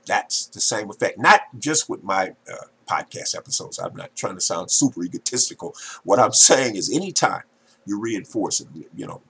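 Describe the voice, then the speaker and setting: A male podcast host with a gravelly, slightly husky voice who gives a marketing pep talk. His delivery is emphatic and salesy, and he keeps turning to address the audience directly. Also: on the low side, animated, moderate pace. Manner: emphatic, salesy, keeps saying "ladies and gentlemen".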